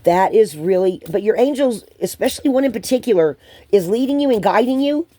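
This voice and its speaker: A woman giving a channeled spiritual card reading to viewers, hesitant and rambling with many pauses and restarts. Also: medium pitch, lively intonation, dark tone, no room sound.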